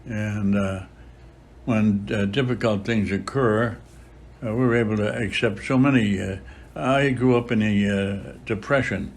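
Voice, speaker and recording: A centenarian priest tells his memories slowly, stopping often to gather his words. His voice sits somewhat low, and a faint hiss runs behind him. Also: fairly even intonation. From Boston area, USA. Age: about 100. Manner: unhurried storytelling with frequent filler pauses. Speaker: priest, interview guest. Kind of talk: reminiscing in an interview.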